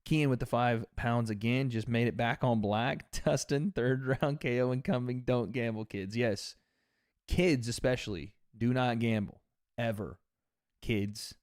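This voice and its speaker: Lounging on his couch without his normal streaming rig, a Tennessee man talks to his viewers in a relaxed, profane way and reads their chat donations out loud. His mid-range voice is unhurried with fairly even intonation, captured in a dry, clean studio recording.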